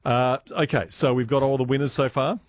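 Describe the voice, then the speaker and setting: A man's voice: mid-range voice, steady tone, a little fast, dry recording, clean studio sound. Chatty Australian man on radio. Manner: chatty, reminiscing, laughs easily. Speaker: radio host. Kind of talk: casual radio chat. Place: radio studio. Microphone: close studio mic.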